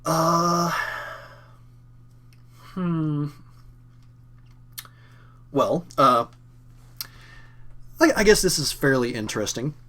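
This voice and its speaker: A man's voice: on the high side, expressive, drawn-out words, long pauses, bright, forceful tone. A young man from Kentucky with a faint Southern accent, hosting a casual live-stream Q&A, rambling with lots of fillers and self-corrections. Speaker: channel host.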